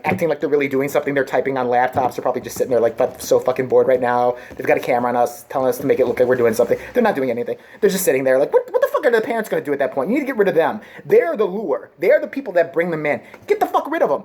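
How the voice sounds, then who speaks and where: A woman's voice: sits low, darkish tone. A woman vlogger delivering a crude, sarcastic comedic rant. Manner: crude, sarcastic, swings into mocking voices.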